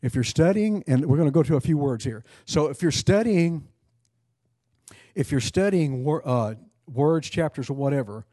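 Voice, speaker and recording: Man teaching a Bible class, mellow voice. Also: a little high, animated, normal speed, no room sound, clean studio sound. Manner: conversational, quizzes the class, frequent restarts.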